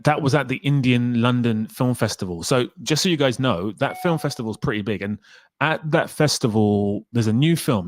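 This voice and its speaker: A man hosting a livestream, answering chat questions in a relaxed, rambling way and laughing often. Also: mid-range voice, no echo. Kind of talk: casual chat.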